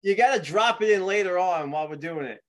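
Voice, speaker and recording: A man's voice: high voice, animated, quick pace. A man co-hosting a podcast, chatty and rambling in casual talk, laughing often. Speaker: podcast co-host. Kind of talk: casual chat.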